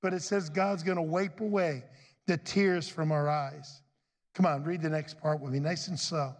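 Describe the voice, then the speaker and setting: A man's voice: on the high side, steady tone, normal speed, in a large hall. A middle-aged man preaching a sermon as pastor, folksy and chatty, calling out to the congregation for amens. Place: church sanctuary.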